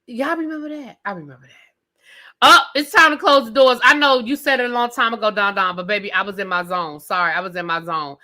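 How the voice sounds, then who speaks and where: A woman's voice: mid-range voice, quick pace, hardly any pauses. Sassy woman ranting live to her chat. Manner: sassy, talks straight to chat with "y'all" and "baby"; animated, repeats questions for emphasis. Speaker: host of a live review stream. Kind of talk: live casual rant.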